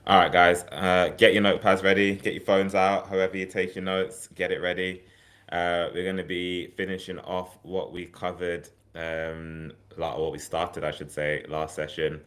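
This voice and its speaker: A man's voice: deep voice, completely flat delivery, normal speed, fairly bright tone. A man hosting a casual health livestream, chatty and rambling, with plenty of fillers and restarts. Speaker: herbal health livestream host.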